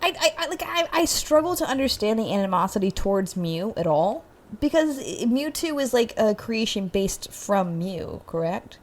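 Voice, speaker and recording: Podcast co-host, woman, giggly and halting, bright lively voice. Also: mid-range voice. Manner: giggly, hesitant, lots of likes and ums. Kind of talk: casual chat.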